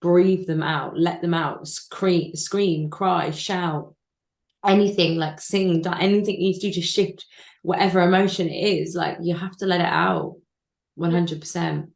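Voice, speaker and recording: Candid woman, low voice, echoey room. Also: fairly even intonation, measured pace, gravelly. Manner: open, emotional, candid storytelling. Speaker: interview guest. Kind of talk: candid personal interview. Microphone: video call.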